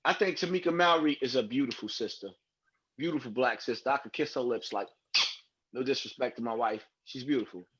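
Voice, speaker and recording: A man's voice: medium pitch, fairly quick, a bit bright, breathy edge, dull audio. A man speaking as a guest on a live stream, earnest and rambling, over video-call audio.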